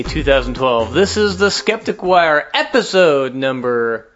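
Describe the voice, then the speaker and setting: An American man hosts a podcast in easy banter, teasing his co-hosts and laughing often. His voice is a bit high and swings widely in pitch. The audio is dull and lo-fi. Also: very animated, a little slow, music in the background. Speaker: podcast host. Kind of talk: casual banter.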